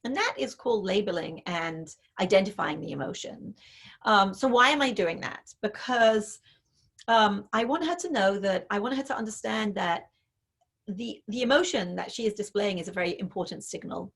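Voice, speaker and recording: Woman expert on a video call, husky and a bit gravelly, talks it through with lots of ums. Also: mid-range voice, expressive, normal speed. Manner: thoughtful, talks through examples with frequent fillers. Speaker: author and parenting expert guest. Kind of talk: explanatory interview answers.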